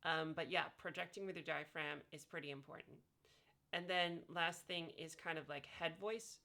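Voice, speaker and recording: Woman vlogger, low-pitched with a gravelly fry, relaxed how-to talk full of fillers and sound demos. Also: normal speed. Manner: explains by demonstrating vowel sounds, many fillers. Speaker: vlogger sharing voice training tips. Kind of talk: casual instructional talk. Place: lying on her back.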